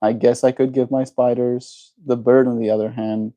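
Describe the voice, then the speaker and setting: A man's voice: medium pitch, flat delivery, moderate pace, mellow. A man livestreaming, musing in loose casual chat and answering his viewers' messages.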